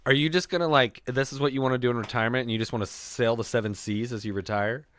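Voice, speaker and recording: A man co-hosting a podcast, animated and jokey, swearing in casual chat. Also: medium pitch, fast, no room sound. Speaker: podcast co-host.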